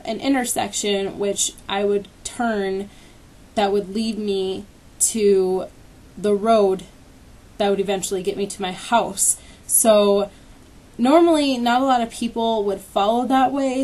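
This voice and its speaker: A woman's voice: medium pitch, a little mellow. A young woman casually retelling a personal story as a vlogger, candid and swearing freely, with lots of fillers. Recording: voice a bit distant from the mic.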